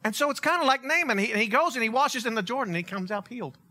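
A male pastor preaching a sermon, telling a story with animated delivery and acting out the characters. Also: very high voice, quick pace.

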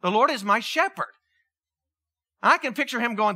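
A man preaching a sermon, animated, asking the congregation questions and acting out quotes. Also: extremely high pitch, normal speed. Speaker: pastor.

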